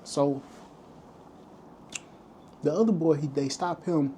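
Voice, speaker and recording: A man's voice: a little high, slow pace, warm tone, slight background noise. A man vlogging, casually retelling a story to camera and acting out the lines of the people in it. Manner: retells events loosely, acting out quoted lines.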